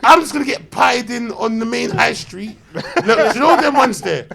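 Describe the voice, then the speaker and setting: A man, telling loud, slang-heavy, swearing stories as a podcast guest. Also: very high voice, expressive, normal speed, gravelly, a crowd in the background. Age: 30s. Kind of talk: animated anecdote telling.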